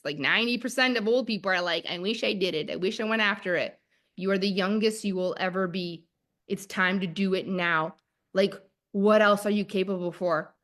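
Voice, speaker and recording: Excited, emphatic woman coaching. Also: mid-range voice. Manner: excited, emphatic, repeats phrases. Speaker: manifestation coach. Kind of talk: motivational masterclass talk.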